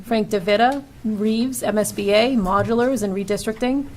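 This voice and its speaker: A woman's voice: medium pitch, moderate pace, a little mellow. A woman with a Boston-area accent chairs a school committee meeting, reading a long list of names and topics and stumbling now and then. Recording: light background noise.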